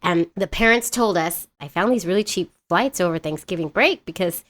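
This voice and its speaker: A woman in her thirties co-hosting a podcast, chatting casually and acting out quotes in a raised voice. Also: normal speed. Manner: animated storyteller, acts out quotes in a high voice. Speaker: podcast co-host. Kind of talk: casual chat.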